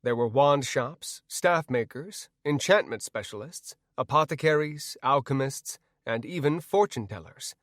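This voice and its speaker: Male narrator, audiobook, animated delivery, dry close sound. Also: mid-range voice, unhurried, few pauses, dry recording. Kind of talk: scripted first-person audiobook narration.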